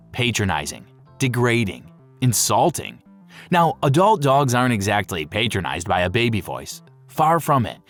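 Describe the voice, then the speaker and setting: Lively male narrator over faint music. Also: lowish voice. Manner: lively, playful explainer. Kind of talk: scripted narration.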